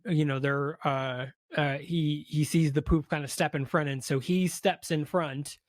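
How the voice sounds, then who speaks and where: Guy on a podcast retelling a movie plot, does the characters' lines, kinda high voice, lots of um and you know. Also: dry recording, studio quality. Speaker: podcast co-host. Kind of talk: casual film recap.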